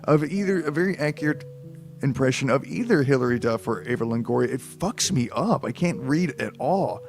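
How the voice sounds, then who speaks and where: A man's voice: mid-range voice, expressive, brisk, darkish tone, soft background music. A man streaming himself reading a novel aloud, breaking off for rambling, profane comic asides.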